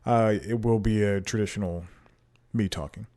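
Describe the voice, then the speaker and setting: A man with a lowish voice rambles through a casual solo podcast intro, cracking self-deprecating jokes and laughing at himself. He talks into a desk microphone at home. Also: fairly even intonation, normal speed, warm tone. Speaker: podcast host. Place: home room with TV playing.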